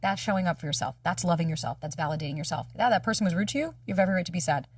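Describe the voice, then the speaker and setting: A woman's voice: lowish voice, expressive, racing, slightly rough, dry recording, recorded from a distance. A woman dating coach telling candid personal stories in a casual podcast chat, swearing freely. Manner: candid, emotional storytelling with frequent swearing.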